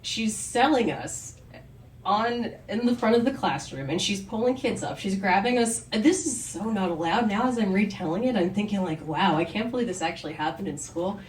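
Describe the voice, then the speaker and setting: A woman's voice: medium pitch, animated, normal speed, a little hiss or hum. A woman telling a candid personal story on stage at a live story night, chatty and wry. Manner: candid, conversational, with wry asides. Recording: roomy, distant live recording.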